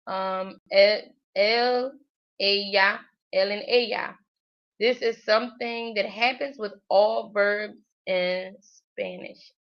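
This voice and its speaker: A woman's voice: medium pitch, highs cut off. A woman livestreaming her language study, thinking aloud hesitantly with many fillers. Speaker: language learner.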